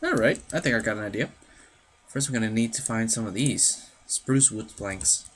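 A man's voice: on the low side, normal speed, a bit bright, a little hiss or hum. A young man chatting casually to himself as he plays a game, playful and rambling, humming now and then. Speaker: let's play host. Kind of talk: casual gameplay commentary.

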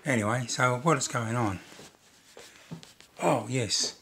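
A man's voice: medium pitch, lively intonation, fairly quick, gravelly, long pauses, noisy background. An older man chatting casually as he narrates building a model railway kit, rambling and self-deprecating.

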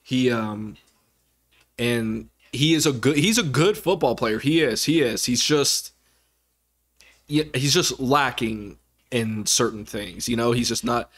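A man's voice: mid-range voice, slow, fairly bright tone. A man talking casually about his football team in a vlog, rambling with many fillers and restarts. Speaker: sports fan vlogger. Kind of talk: casual sports commentary vlog.

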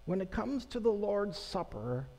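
A pastor giving a sermon to his congregation in a conversational, unhurried way, pausing and making asides to the people in the pews. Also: sits high, very animated, mellow. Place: church sanctuary. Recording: long church reverb.

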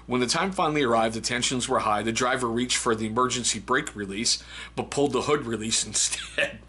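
Male host, casual book vlog, bright and a bit husky, laughs through his reads. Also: medium pitch, a little fast. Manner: laughs often, reads excerpts aloud. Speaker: book review channel host.

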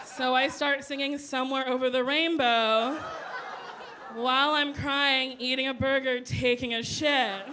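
A bright, sharp female comedian's voice, high and lively, telling her story on a stage. She breaks into quick voices for the people she describes, and faint room noise sits under her. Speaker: stand-up comedian. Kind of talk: stand-up storytelling.

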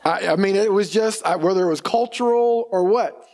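A man's voice: high voice, a little fast, a little mellow. A middle-aged male pastor preaching a conversational sermon, restarting phrases as he goes.

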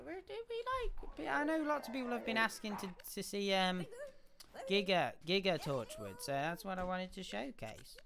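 A man doing live gameplay commentary as a streamer, excitable and chatting with viewers while cheering at the screen. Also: high-pitched, noisy background. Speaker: game streamer.

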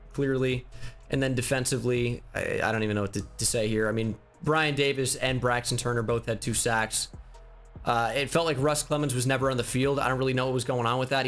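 A man's voice: mid-range voice, a bit bright. A man giving casual commentary on his video game season, frustrated and stammering, with some swearing. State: upset. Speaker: gaming YouTuber.

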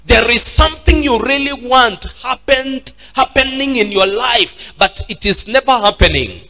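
A man preaches as pastor in a very high voice. He repeats his lines and swings into a sing-song preaching cadence. Faint music plays behind him. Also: animated, a little slow, creaky, bright, forceful tone. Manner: repetitive, rising into sung preaching cadence. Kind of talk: sermon.

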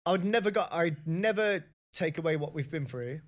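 A man co-hosting a podcast in casual chat, animated, often laughing and calling the others "mate". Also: on the high side, moderate pace. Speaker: podcast co-host.

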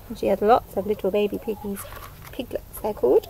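A woman with an English accent, a nursery teacher reading a picture book aloud to young children in a sing-song, animated way, outdoors in a garden. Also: mid-range voice, a little fast, creaky, breathy edge, rough recording. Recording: faint outdoor noise with chickens.

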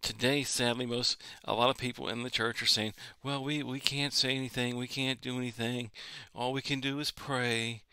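A man's voice: medium pitch, level tone, normal speed, few pauses, pushed and bright, smooth, no room sound. A man preaching a sermon in an earnest way, repeating phrases to build emphasis.

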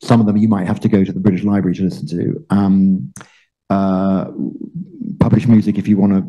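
Panel guest, male, low husky voice, dark warm tone, rambling. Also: fairly even intonation, fairly quick, highs cut off.

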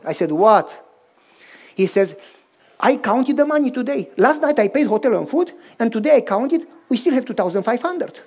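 A pastor with a Romanian accent, a non-native English speaker, preaching a sermon and telling a story with animated, acted-out dialogue. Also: male voice, extremely high pitch, brisk. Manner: animated, acts out dialogue in shifting voices.

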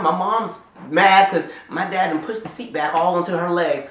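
Animated young man telling a story. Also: on the high side, fairly quick, few pauses, reverberant. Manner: animated, rambling storytelling with many "like"s. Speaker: vlogger. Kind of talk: storytime vlog.

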